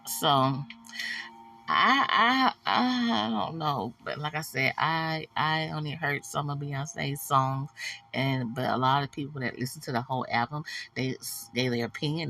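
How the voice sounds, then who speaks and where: A woman hosting a celebrity gossip show, blunt, animated and profane. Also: very deep voice. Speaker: host.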